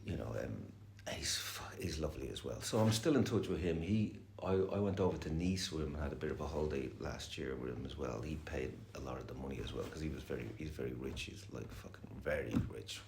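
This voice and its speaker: A middle-aged man shares at a recovery meeting in a bass voice with vocal fry, talking a little fast with few pauses. He's rambling, candid and very profane, and the room is echoey with faint noise.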